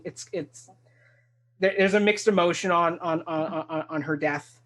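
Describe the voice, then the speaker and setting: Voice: mid-range voice, fairly even intonation, normal speed, fairly bright tone. Host gushing about a musical, rambly, keeps restarting sentences, medium voice. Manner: enthusiastic, rambling and full of restarts. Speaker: talk show host. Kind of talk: casual discussion of a stage musical.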